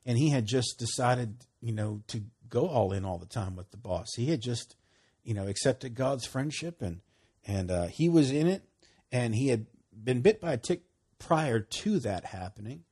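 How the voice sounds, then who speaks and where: A man's voice: medium pitch, expressive, moderate pace, dark tone, breathy edge. A man preaching a casual sermon in a folksy, storytelling manner with emphatic repeats.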